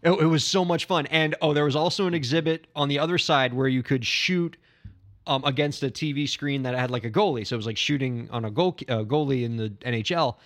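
Easygoing self-mocking man, mid-pitched. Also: a little fast, a bit bright. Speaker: podcast co-host. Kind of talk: casual chat.

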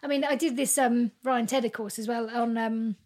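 Chatty woman, fairly high voice. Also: steady tone, moderate pace, darkish tone. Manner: hesitant, lots of fillers and restarts. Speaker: songwriter. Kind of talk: casual chat.

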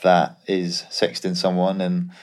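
Male ex-footballer co-host, very low voice, candid storyteller. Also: monotone, takes it slowly. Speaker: podcast co-host, former professional footballer. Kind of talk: casual podcast chat.

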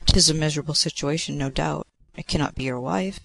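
A man reading aloud, voicing a playful young male god of love who teases and prods with quick exclamations. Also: on the high side, gravelly, fairly bright tone, poor audio. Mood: teasing.

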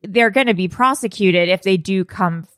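Woman, casual co-host chat, quick and joking, laughs at own lines, dry close sound. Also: medium pitch, fairly bright tone, no room sound. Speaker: podcast co-host.

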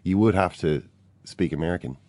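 A low-voiced Irish co-host jokes his way through a sports podcast. The sound is dry and close, with no room around it. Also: brisk, a little mellow, no room sound. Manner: joking, laughing. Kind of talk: casual sports chat.

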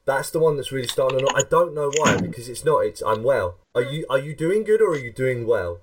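A man hosting a relaxed podcast, talking at a middling pitch in a loose, rambling way. He restarts his sentences often and pokes fun at himself. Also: quick pace, slight background noise. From England. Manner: rambling, chatty, self-mocking, restarts a lot. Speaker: podcast host. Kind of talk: casual chat.

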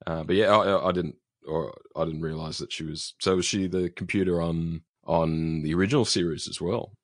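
A man's voice: deep voice, fairly even intonation, a little fast, no room sound, clean studio sound. A man co-hosting a podcast, chatting casually and reading out a listener's email, with many ums and restarts. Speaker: podcast co-host.

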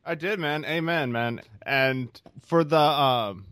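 A man's voice: a little high, slow, a bit bright, no room sound. A man hosting a casual podcast, asking rambling, curious questions and joking along. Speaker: podcast host.

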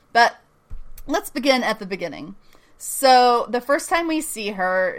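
A woman's voice: medium pitch, fairly bright tone. A young adult woman co-hosting a podcast, recapping an episode in casual chat, laughing often, swearing and making playful asides. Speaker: podcast co-host.

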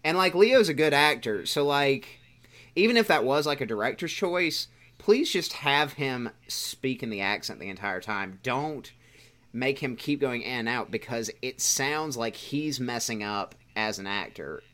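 A man's voice: medium pitch, expressive, measured pace, a bit bright. A man in casual chat, arguing his opinions firmly as a podcast co-host. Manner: opinionated, argumentative.

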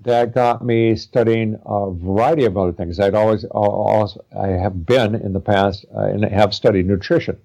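Low-voiced man rambling warmly. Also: fairly even intonation, normal speed, creaky, few pauses, poor audio. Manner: rambling, many fillers and restarts. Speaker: guest, practitioner studying naturopathy. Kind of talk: casual interview chat.

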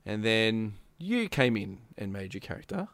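A man's voice: fairly low pitch, moderate pace, creaky. Chatty man telling a story. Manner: animated, acts out quotes with laughs. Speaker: podcast co-host. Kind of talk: casual storytelling chat.

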